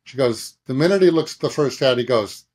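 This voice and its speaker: A slightly rough, mid-range male voice that runs a bit fast. The speaker, a middle-aged advertising creative director appearing as a guest, tells a lively anecdote and drops into other people's voices and sound effects along the way.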